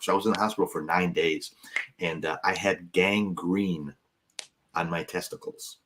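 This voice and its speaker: A man in his fifties with a very deep voice tells a story in a casual chat. He jokes at his own expense and acts out what other people said. He talks like a comedian co-hosting a podcast over a video call. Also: steady tone, moderate pace, background noise. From United States. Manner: jokey, self-deprecating, acts out other people's lines.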